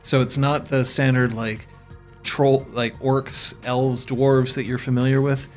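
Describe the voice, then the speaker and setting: A man's voice: mid-range voice, level tone, unhurried, soft background music. A man hosting a tabletop stream, chatting casually with many fillers and restarts. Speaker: game master and stream host. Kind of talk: casual announcement chat.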